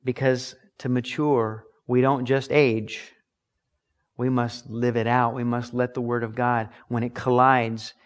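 A man preaching a sermon as pastor, earnest and emphatic, acting out little examples. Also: medium pitch.

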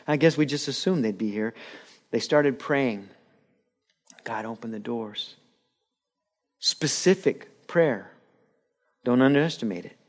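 A man preaching a sermon in a church, animated and laughing with the audience, acting out quotes. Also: mid-range voice, moderate pace. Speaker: pastor.

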